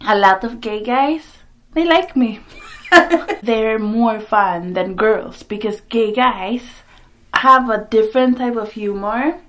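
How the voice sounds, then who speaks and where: A woman's voice: a little high, slow pace, fairly bright tone. A woman in her twenties chatting casually while eating on camera, giggling often between sentences. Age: 20s. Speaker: vlogger.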